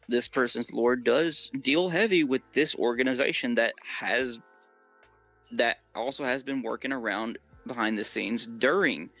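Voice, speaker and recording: A man's voice: mid-range voice, a bit bright. Southern US man, casual co-host, rambling filler-heavy delivery over faint music. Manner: rambling, many fillers and restarts. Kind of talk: casual gaming lore chat.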